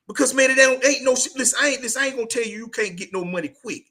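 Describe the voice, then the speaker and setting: A middle-aged podcast host with a very high, bright-edged voice for a man races through a casual motivational monologue aimed straight at the listener. Blunt, profane and preachy, he hammers each point home, constantly repeating "man" and "you know what I'm saying."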